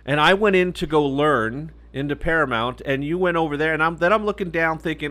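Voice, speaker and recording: A man hosting a podcast, chatting casually and teasing his co-host, getting animated when he tells a story. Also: a little high, fairly quick, few pauses, a little hiss or hum. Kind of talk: casual chat.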